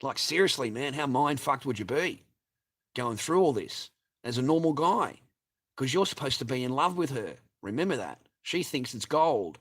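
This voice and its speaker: A man's voice: mid-range voice, animated, moderate pace, a bit bright, slightly rough. A man with a daughter, ranting to his livestream audience in a profane, heated and mocking way. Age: adult with a child.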